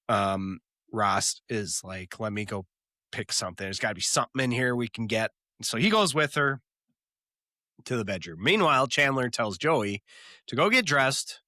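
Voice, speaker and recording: A man co-hosting a casual podcast, retelling scenes with quick character voices. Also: mid-range voice, pushed and bright, no echo, studio quality. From Upper Midwest of the US. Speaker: podcast co-host.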